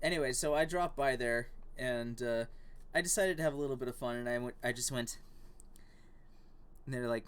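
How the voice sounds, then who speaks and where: An animated man swapping stories in casual podcast banter. He talks at a middling pitch with a faint hiss behind him and laughs often. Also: normal speed, long pauses. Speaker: podcast co-host.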